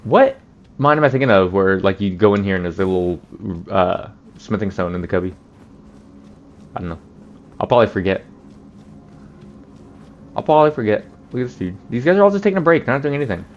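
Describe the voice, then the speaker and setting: A man's voice: on the low side, big pitch swings, fast talker, lo-fi sound, a little hiss or hum. A man hosting a let's play, joking and swearing in casual gameplay commentary. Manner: profane, joking, laughs often.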